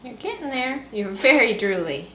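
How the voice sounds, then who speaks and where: A mother softly coaxing her baby through a feeding, speaking in gentle baby talk on a home video. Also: on the high side, very animated, moderate pace, slight background noise. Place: room at home. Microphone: home video camera. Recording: echoey home video room.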